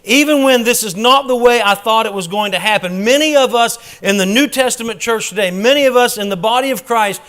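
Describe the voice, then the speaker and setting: A man teaching a church Bible class in a preaching style, emphatic and dropping quick humorous asides. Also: very high voice, fairly bright tone.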